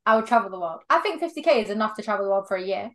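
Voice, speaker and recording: A woman's voice: mid-range voice, lively intonation, very fast, a bit bright. A young woman co-hosting a casual chat podcast, giggly and casual, using loose slang. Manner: giggly, casual slang, tired by the end of the week. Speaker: podcast co-host.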